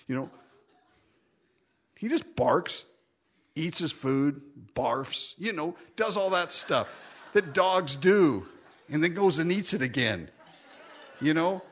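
Male pastor, expressive teaching voice that jumps high and drops low, slightly muffled lo-fi sound. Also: slow pace, long pauses. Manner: animated, laughing often, acting out quotes. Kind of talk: sermon.

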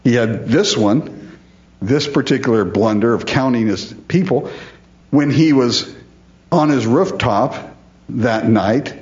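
A middle-aged man preaching a sermon, animated and chuckling often as he acts out the psalmist's words. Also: mid-range voice. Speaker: pastor. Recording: dull lo-fi sound.

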